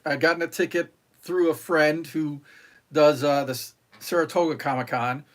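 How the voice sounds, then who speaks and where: A man's voice: fairly high pitch, steady tone, moderate pace. Chatty retired Marine man, restless storyteller. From New York. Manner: rambling, many restarts and fillers, acts out quotes. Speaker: podcast guest, retired Marine. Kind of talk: casual interview storytelling.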